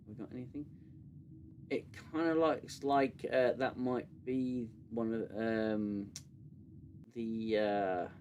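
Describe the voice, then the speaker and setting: A man's voice: mid-range voice, darkish tone. British guy ranting on a live stream, sarcastic, swears a lot, bit of faint noise behind. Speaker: show host. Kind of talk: live review stream chat.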